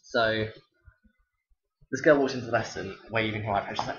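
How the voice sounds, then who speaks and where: Young male teacher, wry sarcastic storyteller, lowish pitch, roomy lo-fi recording. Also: steady tone, normal speed, pauses often, fairly bright tone. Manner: dry, sarcastic delivery. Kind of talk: casual storytelling to camera. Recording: roomy, dull lo-fi sound.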